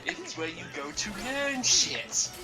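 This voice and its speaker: A man's voice: very high voice, big pitch swings, slow pace, music in the background. A man chatting as a friend on a voice call, teasing and laughing a lot. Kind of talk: casual banter.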